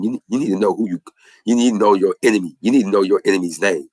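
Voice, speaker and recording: Man, religious testimony, preacherly repetition, husky voice, dry close sound. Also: fairly low pitch, fast talker, a little mellow, no echo, rough recording. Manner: preacherly, repeats phrases for emphasis. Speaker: speaker giving religious testimony. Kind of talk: impassioned spoken testimony.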